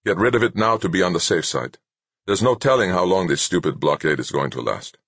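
A man voicing a gruff, no-nonsense middle-aged male doctor who snaps his words in an audiobook. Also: low-pitched, brisk, a bit bright, no room sound, voice pushed up, heavily acted. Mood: curt. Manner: curt, snapping.

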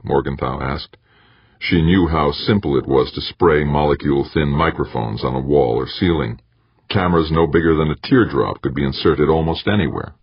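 A man reads a novel in a steady, measured way. His voice is extremely deep and husky. The recording is dry and sounds a little dull and lo-fi. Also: no room sound. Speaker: audiobook narrator. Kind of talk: scripted narration.

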